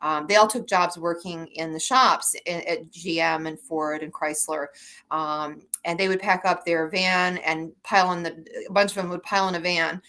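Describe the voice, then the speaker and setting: Low, bright-toned woman telling stories. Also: steady tone, normal speed. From Michigan. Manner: chatty and rambling, many fillers and restarts. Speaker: author, interview guest. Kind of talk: casual interview storytelling.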